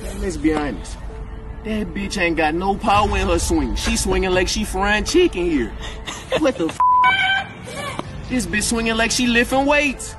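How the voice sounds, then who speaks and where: Slangy comic narrator outdoors, fairly high voice, music behind. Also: male voice, animated, normal speed, long pauses. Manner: joking, slangy. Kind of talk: mock nature-documentary narration. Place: outdoors at a golf course.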